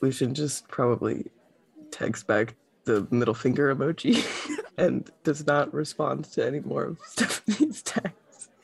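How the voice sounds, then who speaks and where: Hombre de voz grave y ronca. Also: male voice, mid-range voice, vocal fry, breathy edge. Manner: casual, laughing, halting with fillers. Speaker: player. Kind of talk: playing a tabletop role-playing game.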